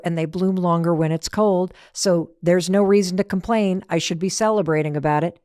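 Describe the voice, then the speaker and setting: A woman's voice: on the low side, no room sound. Woman, podcast host, motivational talk, middle-aged, rhetorical questions, dry recording. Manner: animated, rhetorical questions, acts out little scenes.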